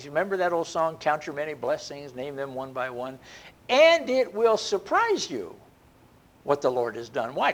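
An older man preaching a sermon, with a conversational delivery and frequent restarts. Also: on the high side. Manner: lively, rising and falling delivery with frequent restarts.

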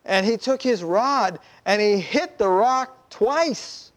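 A man preaching a sermon, telling a story in an animated way and acting out the voices of the people in it. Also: sits high, takes it slowly. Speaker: pastor.

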